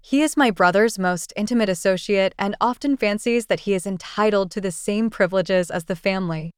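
A woman reading the part of a proud young society woman, agitated and pleading in a smooth, dry voice. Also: medium pitch, a little fast, no room sound, natural voice. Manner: agitated, pleading, then sharp.

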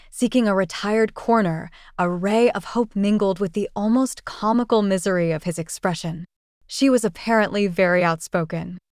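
A woman reads a period short story aloud in a measured, storytelling manner. Her voice is smooth and clean at a mid pitch. The recording is close and dry. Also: dry recording. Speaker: narrator. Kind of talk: audiobook reading of a classic story.

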